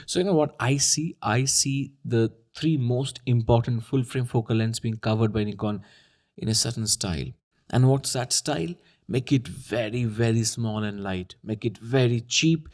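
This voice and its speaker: A man talks straight to his viewers in a loose, joking way and teases them as he goes. His voice sits at an everyday middle pitch. The delivery is casual commentary to camera, not a reading. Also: a little mellow. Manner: playful, teasing, chatty. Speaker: camera YouTuber. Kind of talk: casual talking-head commentary.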